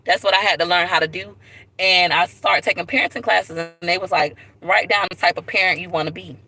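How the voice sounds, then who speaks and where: A woman's voice: lowish voice, steady tone, fairly quick, pushed and bright, rough recording. Candid woman telling a personal story. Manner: candid, tearful at times, Southern US slang. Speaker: vlogger on a live stream.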